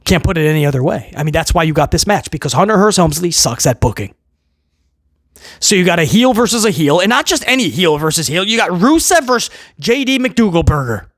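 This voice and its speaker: A man giving a blunt, sarcastic, exasperated solo review, breaking into loud comic outbursts to mock what he saw. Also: high-pitched, sing-song, a little fast, no echo, studio quality. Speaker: wrestling show reviewer.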